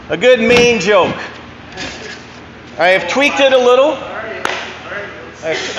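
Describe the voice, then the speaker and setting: A man's voice: a little high, sharp tone, slight background noise. A man preaching a sermon in a large church, telling a joke in a folksy, chuckling storytelling manner. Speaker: pastor. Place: church in Maine, large indoor hall. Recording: echoey church hall, dull sound.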